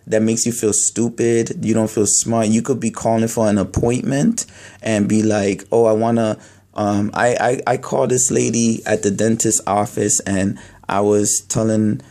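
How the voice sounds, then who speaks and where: Mellow-voiced New man, halting and earnest. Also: fairly low pitch, little pitch movement. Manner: halting, earnest, many restarts and repeated words. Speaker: video blogger. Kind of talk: candid personal talk to camera.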